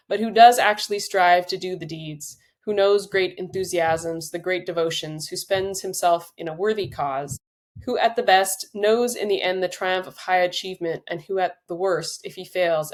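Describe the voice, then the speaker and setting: A middle-aged woman author talking earnestly in a podcast interview, with many restarts and fillers, then reading aloud from her book. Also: on the low side. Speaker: author and guest.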